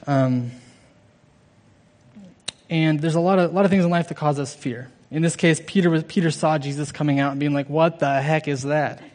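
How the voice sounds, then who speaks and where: A young man giving an informal, earnest sermon, halting with restarts and fillers. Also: on the high side, a little mellow.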